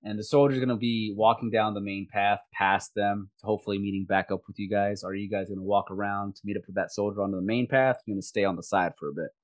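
A man's voice: fairly low pitch, fairly even intonation, quick pace, few pauses, no echo. A man running a tabletop role-playing game as game master, narrating the scene and voicing the figures himself. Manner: descriptive, voices the figures himself.

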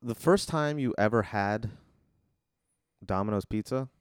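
A man hosting a casual comedic chat, calmly walking a friend through a made-up scenario. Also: lowish voice, unhurried, clean tone, no room sound, studio quality. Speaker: host.

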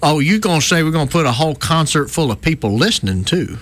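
A man hosting a call-in talk radio show, easygoing and quick to laugh. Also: fairly high pitch, expressive, a bit bright. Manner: easygoing, laughs often, trails off mid-sentence. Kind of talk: casual talk radio chat. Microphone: studio microphone.

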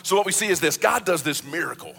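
A man's voice: a little high, animated, fast, vocal fry, pushed and bright, long reverb tail, soft background music. A man preaching a sermon as pastor, earnest, often restarting and repeating words as he explains.

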